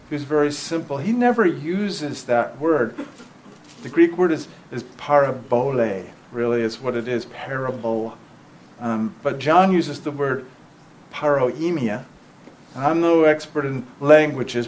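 A man preaching a sermon in a relaxed, conversational manner, often turning to the listeners to check they follow. His voice sits at an ordinary middle pitch. There is a faint hiss of noise in the background. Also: low-quality recording. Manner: reads scripture aloud slowly and with feeling.

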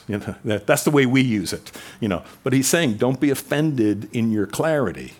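A man with a fairly low voice preaching an expository sermon in a relaxed, conversational way. He asks rhetorical questions, jumps up in pitch for emphasis and sinks soft and low for quoted lines. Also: moderate pace. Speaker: pastor.

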